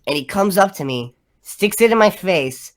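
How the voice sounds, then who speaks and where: A young woman with a fairly low voice co-hosts a casual chat podcast. She rambles through her stories and fills them with "like." Her talk stays loose and conversational. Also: lively intonation, normal speed. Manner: rambling storyteller, frequent "like". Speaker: podcast co-host.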